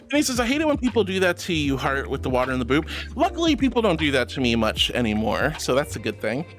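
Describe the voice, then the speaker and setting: Talking fast with huge swings in pitch, this VTuber keeps her livestream chat bubbly and warm, giggling often, calling viewers honey and sweetie, and dropping playful asides. Her voice runs a bit deep for a woman.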